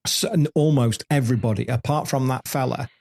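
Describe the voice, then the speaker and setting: Man, fifties, mid-pitched voice, rambling anecdotal guest, candid interview chat. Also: fairly quick, vocal fry, a little mellow. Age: 50s. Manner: rambling anecdotal storyteller with frequent restarts. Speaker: podcast host, interview guest.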